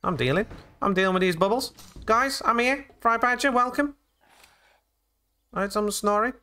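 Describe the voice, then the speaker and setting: A man narrates his own gameplay in a loose, joking way and keeps talking to the characters on screen. His voice sits a bit high and sounds bright and forward. It jumps up and down in pitch with plenty of energy. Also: expressive, normal speed, clear, resonant tone. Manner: chatty, jokey, talks to game characters. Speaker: gaming channel host. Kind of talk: let's play commentary.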